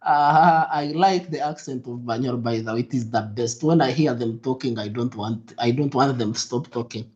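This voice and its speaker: A young adult man hosts a live trading stream, greeting viewers and repeating himself in an upbeat way, dropping into soft asides. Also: medium pitch, moderate pace. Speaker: trading mentor hosting a livestream. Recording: lo-fi stream audio.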